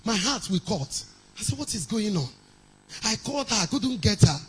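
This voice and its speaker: A woman's voice: medium pitch, sing-song, moderate pace, breathy edge, poor audio. A woman pastor with a Nigerian accent preaching a sermon in a sing-song cadence, reading scripture aloud between stories.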